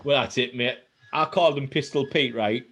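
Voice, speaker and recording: A man's voice: medium pitch, normal speed, fairly bright tone, a little hiss or hum. A man with a Sunderland accent co-hosting a casual chat over beers, trading teasing banter and nicknames. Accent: Sunderland (Mackem). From Sunderland, England. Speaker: podcast co-host.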